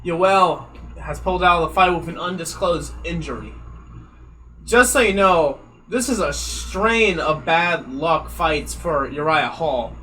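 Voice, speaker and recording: A man's voice: on the high side, measured pace, sharp tone, a little hiss or hum, poor audio. A man co-hosting a casual podcast, joking and crude in banter. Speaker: podcast co-host.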